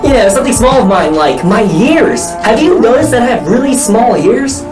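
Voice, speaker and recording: A young man cracking jokes at his own expense as he chats to viewers, his voice swinging up and down with lively energy. He sounds a bit far from the mic in a roomy, echoey space, with music running underneath. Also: very high-pitched, normal speed. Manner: joking, playful, self-teasing. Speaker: vlogger. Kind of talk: casual vlog talking to viewers. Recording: echoey room, mic at a distance, music behind.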